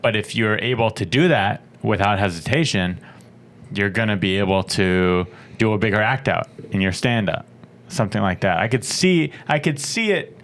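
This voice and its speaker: Deep-voiced laid-back podcast host. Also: male voice, expressive, moderate pace, fairly bright tone. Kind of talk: casual chat.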